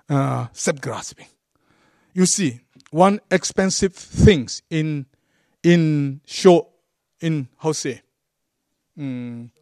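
Male buddhist monk, dharma talk, high voice, unhurried, broken english, chuckling. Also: mellow. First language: not English. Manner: broken English, often gropes for words; chuckles through his points.

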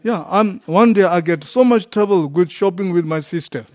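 High-voiced monk in halting English. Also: male voice, darkish tone. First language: not English. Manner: broken English, often gropes for words; chuckles through his points. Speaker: Buddhist monk teacher. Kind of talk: dharma talk to a group.

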